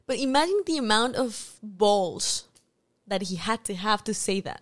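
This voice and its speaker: A woman, an actress guest talking candidly on a podcast interview, animated and often restarting her sentences. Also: mid-range voice, moderate pace.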